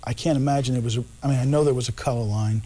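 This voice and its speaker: A man's voice: medium pitch, steady tone, very fast, dark tone. A man from New Jersey hosting an interview, chatting enthusiastically in long, meandering sentences. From New Jersey, USA. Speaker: interviewer, host. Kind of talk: casual interview chat.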